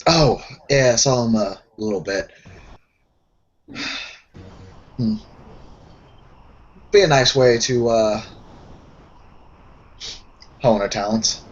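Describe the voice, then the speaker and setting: A man's voice: medium pitch, takes it slowly, pauses often. Easygoing man at a tabletop game, lo-fi. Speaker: player. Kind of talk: casual tabletop game chat. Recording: muffled lo-fi recording.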